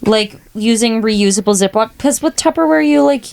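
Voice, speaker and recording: A woman's voice: on the high side, normal speed, gravelly, darkish tone. A young woman co-hosting a podcast, chatting casually and bubbly with lots of filler words. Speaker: podcast co-host. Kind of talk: casual chat.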